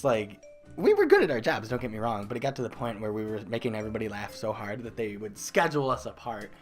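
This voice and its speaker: A young man vlogging a comedic storytime about his old job, animated, breaking into loud exaggerated outbursts and laughs. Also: mid-range voice. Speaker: vlogger telling a work story. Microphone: desk microphone.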